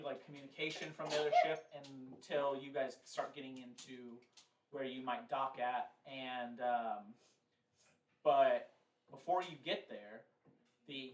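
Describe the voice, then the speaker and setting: Male GM, casual and profane, room echo, faint hiss. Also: medium pitch. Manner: rambling, profane, laughs easily. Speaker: game master. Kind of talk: narrating a tabletop game. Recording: roomy echo, distant mic, background noise.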